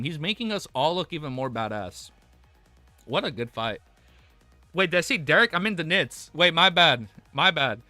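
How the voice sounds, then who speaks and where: A young man streaming, reading a web novel aloud and breaking off to react in excitable, slangy, profane bursts. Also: on the high side, normal speed, dry recording, soft background music.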